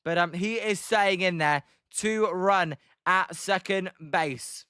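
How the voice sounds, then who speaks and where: A man with a British accent giving excitable live play-by-play commentary as a streamer, greeting viewers and chatting between pitches. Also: slow, clear, resonant tone, no echo, studio quality. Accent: British English. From Britain. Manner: chatty, excitable, greets viewers and reads chat mid-call.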